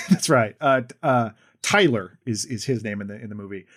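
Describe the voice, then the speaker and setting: Man, mid-pitched voice, rambling, lots of restarts, casual podcast chat. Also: animated, moderate pace, a bit bright. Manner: rambling, with many fillers and restarts. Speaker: podcast co-host. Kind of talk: casual chat, recapping a film.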